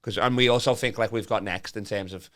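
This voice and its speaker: Brief: young stand-up, rapid and sharp-toned, sweary casual podcast chatter. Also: male voice, on the low side, fairly even intonation, no echo, studio quality. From Liverpool, England. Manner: swears often, keeps saying "you know what I mean". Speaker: touring stand-up comedian, podcast guest.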